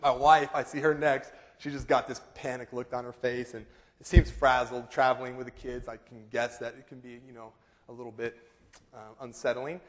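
A man in his thirties preaching a sermon, telling a lively story and acting out quotes in high voices. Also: moderate pace. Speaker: pastor. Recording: long reverb of a large hall.

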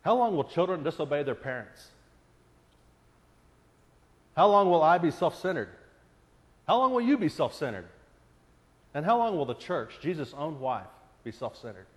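Preaching in a hall with long reverb, this man has a slightly high, very animated voice at normal speed, leaving long pauses. His earnest tone rises to a pleading intensity as he presses repeated questions.

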